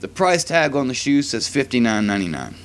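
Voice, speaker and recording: A man's voice: medium pitch, very animated, fairly quick. A man telling a story in casual chat as a podcast co-host, laughing often and acting out the people he quotes.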